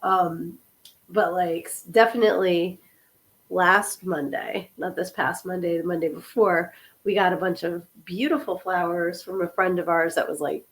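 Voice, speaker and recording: A woman in her fifties, hoarse from a cold, hosting a casual livestream podcast and chatting with her viewers in an apologetic, friendly way. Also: fairly low pitch, fairly even intonation, normal speed. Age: 50s. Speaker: podcast host and author.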